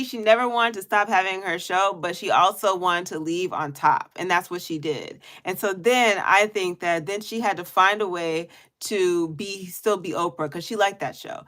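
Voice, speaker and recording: A woman chatting casually to her viewers in a weekly live check-in video. She laughs often and throws in animated quoted asides. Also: medium pitch. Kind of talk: casual chat. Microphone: headphones on.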